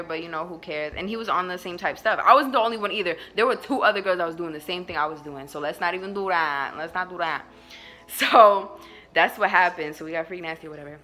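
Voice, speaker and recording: Bright-voiced young woman telling a story. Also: on the low side. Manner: animated, slangy storytelling with frequent laughs. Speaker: vlogger. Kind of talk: casual storytime vlog.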